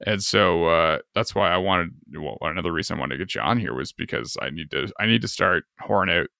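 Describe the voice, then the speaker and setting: A man's voice: low-pitched, a little fast, gravelly, pushed and bright, dry recording, clean studio sound. A man hosting a podcast in casual chat, laid-back and hesitant, often trailing off. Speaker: podcast host.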